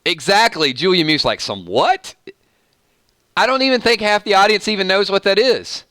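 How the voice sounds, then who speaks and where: A man's voice: high voice, brisk, sharp tone, no room sound. A man with a Southern US accent hosting a live stream, chatting casually and joking as he reads viewer comments aloud.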